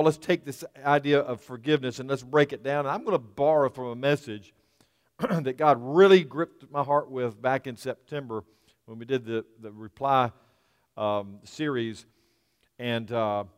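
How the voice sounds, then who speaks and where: Man preaching with a smooth, resonant voice. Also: mid-range voice. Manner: earnest, repetitive preaching with restarts and emphatic pauses. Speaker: pastor. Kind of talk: sermon. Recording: long hall reverb.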